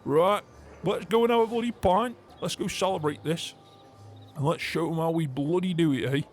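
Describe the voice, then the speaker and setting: A man's voice: fairly high pitch, normal speed, faint music behind. A young man, chatting in character during a game roleplay, hearty and emphatic, swearing casually. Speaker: roleplay player.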